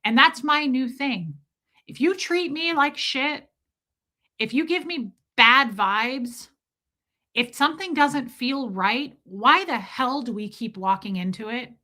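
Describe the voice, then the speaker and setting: A woman's voice: sits high, animated, slow, pushed and bright. A woman hosting a casual livestream, telling a story emphatically and acting out the voices of people in it. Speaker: livestream host.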